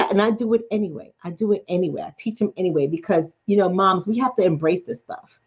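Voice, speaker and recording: A woman's voice: medium pitch, fast. Blunt, profane New York woman. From the Bronx, New York City. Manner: blunt, profane, animated storytelling. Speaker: relationship coach and host. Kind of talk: late-night livestream chat. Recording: dull lo-fi sound.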